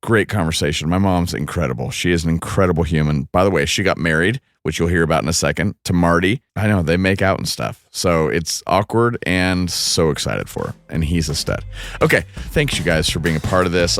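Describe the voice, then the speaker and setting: A man's voice: sits low, expressive, a little fast, gravelly, fairly bright tone, faint music behind. A man hosting a podcast from home in a chatty, joking way with rambling asides. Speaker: podcast host. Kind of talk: casual chat.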